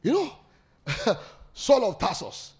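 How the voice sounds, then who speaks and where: A man's voice: sits high, wildly swooping pitch, extremely slow, a little mellow. A man preaching a sermon, leading call-and-response and laughing often.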